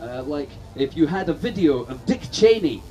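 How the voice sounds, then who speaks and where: Male stand-up, sardonic and profane, higher voice, live festival set miked from afar. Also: very animated, normal speed, far from the mic, soft background music, poor audio. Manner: sardonic, profane, building to shouts. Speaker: stand-up comedian. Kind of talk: satirical stand-up rant. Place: outdoor festival stage.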